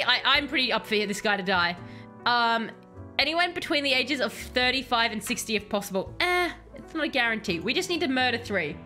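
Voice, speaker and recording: A woman streaming a game, chatting with viewers and reading game text aloud in a chatty, animated way. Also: high voice. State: has a headache. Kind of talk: casual game commentary with chat.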